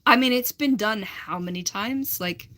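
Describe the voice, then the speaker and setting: A woman's voice: mid-range voice, unhurried, pushed and bright. A young American woman chatting casually on a livestream, rambling and laughing as she answers her chat. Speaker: livestream host.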